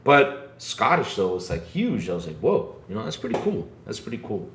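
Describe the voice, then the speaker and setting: A man's voice: lowish voice, big pitch swings, brisk, background noise. A man hosting a podcast in casual chat, joking around with lots of fillers and repeated words. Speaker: podcast host. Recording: roomy echo.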